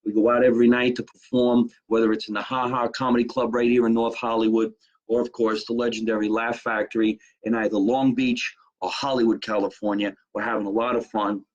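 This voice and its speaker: A man's voice: medium pitch, little pitch movement, fairly quick, highs cut off. A middle-aged comedian from Jersey City, wisecracking brashly as he hosts a live stream from his apartment kitchen and reads out viewer comments. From Jersey City, New Jersey. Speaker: comedian hosting a live show.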